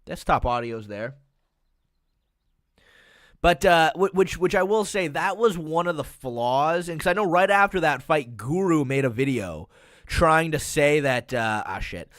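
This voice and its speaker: Male streamer from the USA, slightly high voice, loose rambling delivery full of fillers and curses. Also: animated, measured pace, a bit bright. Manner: rambling, filler-heavy, swears freely. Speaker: livestream host. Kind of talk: casual chat.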